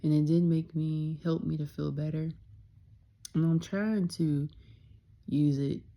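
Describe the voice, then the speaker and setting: A young woman reflects openly in a personal vlog, her voice low and dark with a gravelly edge. She speaks softly and candidly, slipping into near-whispers at times. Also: steady tone, slow pace. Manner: soft-spoken, candid, drops into whispers. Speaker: vlogger.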